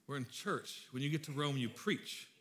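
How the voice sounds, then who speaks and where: A man's voice: mid-range voice, normal speed, a bit bright. Joking, chatty pastor, a man. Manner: joking storyteller, chatty and informal. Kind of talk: sermon.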